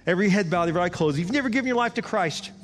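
A man's voice: high-pitched, expressive, racing. A man preaching a sermon, telling a story with acted dialogue and building to an emphatic call. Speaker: pastor. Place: church auditorium. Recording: large hall reverb with faint music.

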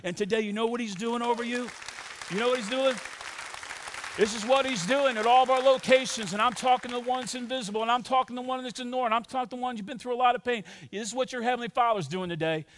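A man's voice: extremely high pitch, very fast, few pauses, fairly bright tone, a faint crowd. A pastor preaching a sermon with energy, rhythmic and playful phrasing, and call-and-response to his church. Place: large church.

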